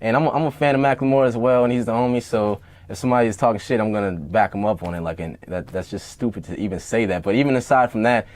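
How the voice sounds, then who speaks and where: A man's voice: lowish voice, quick pace, hardly any pauses, darkish tone. A man talking as a rapper guest in an interview, blunt, profane and heated, with many fillers. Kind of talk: casual interview talk.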